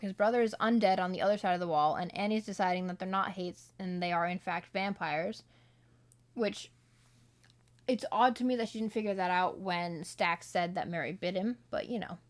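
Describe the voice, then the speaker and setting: A woman's voice: medium pitch, normal speed. A woman casually talking through her notes on a film, rambling with lots of fillers and asides. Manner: slips into playful accents when quoting. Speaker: solo vlogger reviewing a film. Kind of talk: casual commentary read from notes.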